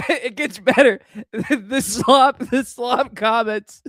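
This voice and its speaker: A streamer reads posts aloud and gives casual reaction commentary, slangy and loose, saying "dude" and "man" and bursting out laughing again and again. His voice is medium-pitched and a bit bright, slow-paced, with clean, echo-free studio sound.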